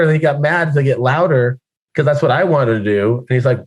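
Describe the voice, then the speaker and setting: A man's voice: medium pitch, lively intonation, fast talker. A man talking as a guest on a video call panel, chatty and filler-heavy as he tells stories. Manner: chatty, filler-heavy storyteller, laughs often. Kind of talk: casual panel chat.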